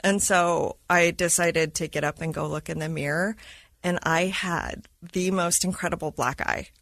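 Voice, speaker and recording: A woman who is a mother of school-age kids, a podcast guest telling a personal story in a lively way and acting out what people said. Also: lowish voice, moderate pace, gravelly, no room sound. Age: adult mother of school-age kids. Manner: lively retelling that acts out quoted dialogue.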